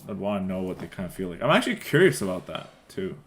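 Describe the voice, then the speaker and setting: A man's voice: deep voice, very animated, quick pace, slight background noise. A man with a congested, stuffy-nosed voice, rambling through a casual podcast chat with lots of fillers. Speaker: podcast co-host.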